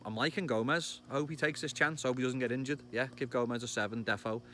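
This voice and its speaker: A man in his thirties with a Liverpool accent, chatting excitedly outdoors about a football match, swearing and bursting into loud shouts. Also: mid-range voice, quick pace, a little hiss or hum. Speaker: football fan vlogger. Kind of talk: casual match reaction vlog. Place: outdoors among trees.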